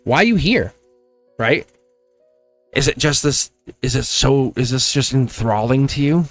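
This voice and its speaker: A man talks casually to his members during a live tarot stream, laughing often and acting out little exchanges as he goes. His pitch sits at an ordinary middle level for a man. Soft music plays faintly underneath. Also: a little slow. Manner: chatty and animated, laughs often, acts out quoted exchanges. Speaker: tarot reader and channel host. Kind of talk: casual livestream chat to members.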